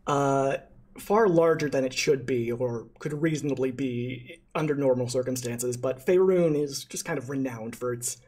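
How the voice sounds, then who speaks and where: A man's voice: medium pitch, darkish tone, husky. A man narrating as dungeon master in a playful, hesitant way, full of fillers. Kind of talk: narrating a tabletop game.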